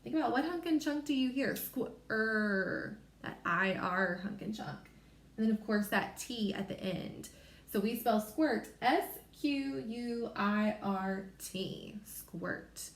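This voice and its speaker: A woman teacher giving a recorded phonics lesson to young children, sounding out letters and word parts slowly and clearly. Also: a little high, reverberant.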